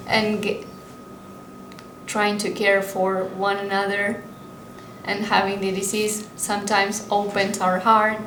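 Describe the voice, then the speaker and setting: Tearful woman speaking slowly, flat tone. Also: mid-range voice. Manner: apologetic, halting. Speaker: conference panelist. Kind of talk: emotional closing remarks. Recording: roomy hall with background noise.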